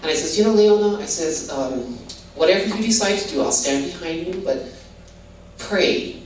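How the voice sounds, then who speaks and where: An older Hawaiian woman, a guest, shares her testimony in a low-pitched, lively voice at a normal speed. She rambles casually, saying "you know" a lot and often restarting. The distant mic gives a roomy sound with faint noise behind her.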